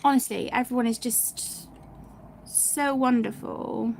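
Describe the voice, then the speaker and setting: A woman's voice: fairly high pitch, fairly even intonation, slow pace, creaky, a little hiss or hum. A woman hosting a colouring channel, chatting casually during a live stream and often dropping to a near whisper. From United Kingdom. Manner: soft-spoken, often drops to a near whisper; chatty, warm-hearted, many fillers and restarts.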